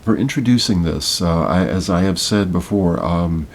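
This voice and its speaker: A man in his sixties from Miami, a podcast host reciting a poem dramatically and then reflecting on it with hesitant, searching talk. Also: sits low. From Miami, Florida. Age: 60s. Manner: slow dramatic reading, hesitant afterwards.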